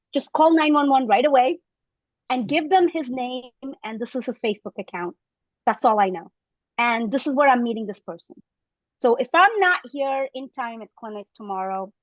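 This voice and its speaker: Woman in her 50s chatting on a podcast, kinda high voice, animated storytelling, dry dull-ish sound. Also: no room sound. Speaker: podcast guest, writer. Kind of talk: casual storytelling interview.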